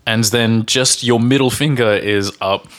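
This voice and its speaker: A man's voice: medium pitch, fairly bright tone. A young Australian man co-hosting a podcast, explaining English expressions carefully and patiently. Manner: careful, explains slowly, lots of affirming "mm-hmm". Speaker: podcast co-host, English teacher. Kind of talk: casual podcast chat explaining vocabulary.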